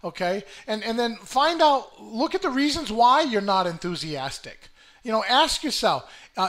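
An older man hosting a casual motivational video to camera, full of fillers and repeated words, swinging between peppy and deliberately flat. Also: high-pitched. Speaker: self-help video host.

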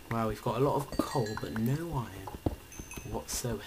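A man commentating his own video game play in an animated way, pleading with and taunting the monsters and sometimes dropping into a whisper. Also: mid-range voice, normal speed, background noise. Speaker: let's play gamer.

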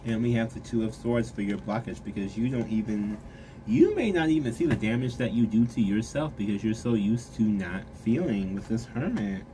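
Casual tarot reader, mid-pitched, loose and rambly, talking frankly to camera. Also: animated, normal speed, mellow, a little hiss or hum. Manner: rambling, filler-heavy talk; frank and direct toward the viewer.

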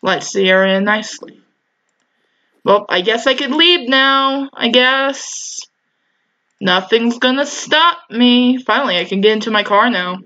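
Give me a slow-talking excitable young woman playing a horror game, higher voice. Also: highs cut off. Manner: excitable, talks back to the game, swears and shrieks at scares. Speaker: gaming YouTuber. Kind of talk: let's play commentary.

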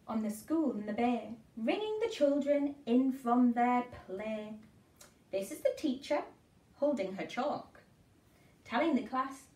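A woman's voice: sits high, lively intonation, takes it slowly, far from the mic. A woman reading a picture book aloud to small children in a sing-song way, with playful asides. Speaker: children's storyteller. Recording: echoey room, away from mic.

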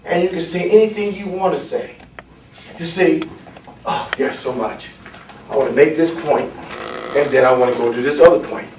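A man teaching a class in an emphatic preaching style, building at times to near shouting. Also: fairly high pitch, moderate pace, long pauses, a little hiss or hum. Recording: echoey classroom from far off.

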